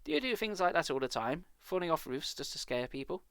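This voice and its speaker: A man's voice: fairly high pitch, big pitch swings, brisk, fairly bright tone, clean tone, no room sound, studio quality. Man doing an anxious young schoolgirl. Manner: urgent, pleading.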